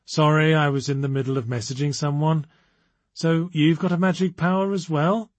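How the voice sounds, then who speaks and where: A man's voice: fairly high pitch, fairly even intonation, normal speed, no echo, close to an everyday voice. A man voicing a nervous, awkward teenage schoolgirl who rambles in a quivering way. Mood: distracted.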